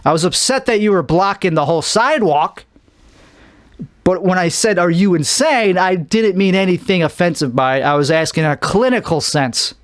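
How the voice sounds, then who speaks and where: Guy rambling on his podcast, kinda high voice, jokey, dry close sound. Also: lively intonation, moderate pace, dry recording. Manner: rambling, jokey, acts out lines in put-on voices. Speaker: podcast host. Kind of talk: casual solo monologue.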